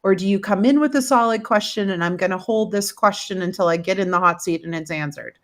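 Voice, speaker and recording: A woman hosting a podcast, chatting casually over a video call in an animated, gushing way, with the odd swear word. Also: mid-range voice, quick pace. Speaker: podcast host. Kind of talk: casual chat.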